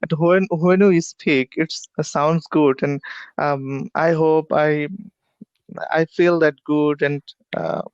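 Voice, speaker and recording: A man learning English on an online lesson, speaking haltingly and searching for words. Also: on the high side, steady tone, smooth, dry recording, lo-fi sound.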